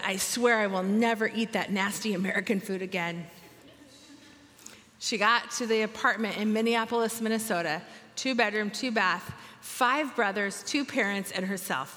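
A woman tells a story to an audience in a lively way, putting on the voices of the people in it. She is emotional and near tears at the moving parts. Her voice carries the long reverb of a large hall. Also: medium pitch. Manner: emotional, tearful at moving moments.

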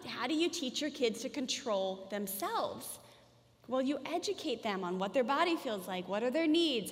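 Chatty woman with a high voice in a reverberant hall. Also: a bit bright. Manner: casual, chatty, many "like" and "you guys". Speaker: parenting educator. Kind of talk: workshop talk to parents.

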